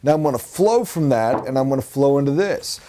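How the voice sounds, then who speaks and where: Man, middle-aged, sales trainer, casual training talk, earnest, rambling, mid-pitched voice. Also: lively intonation, brisk, warm tone.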